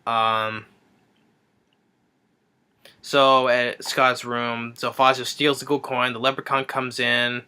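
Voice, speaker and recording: A man's voice: mid-range voice, flat delivery, takes it slowly, pauses often, sharp tone, clean tone. A man giving a rambling, sarcastic movie review rant, recapping the plot with frequent restarts.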